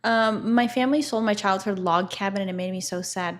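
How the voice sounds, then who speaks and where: A woman's voice: medium pitch, animated, fairly quick, few pauses. A young woman livestreaming, casually telling stories to her chat, swearing freely and laughing often.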